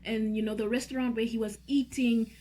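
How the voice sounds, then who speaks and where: A woman telling a story to her viewers in a lively, animated vlog, speaking straight to the audience. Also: on the high side, a little fast, slight background noise. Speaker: vlogger and singer.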